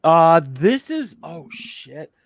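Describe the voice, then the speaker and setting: Gravelly man telling a profane story. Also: on the high side, very animated, extremely slow, dry recording. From Canada. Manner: profane, emotional, rambling retelling with acted quotes. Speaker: podcast co-host, former convention staff. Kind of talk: casual storytelling chat.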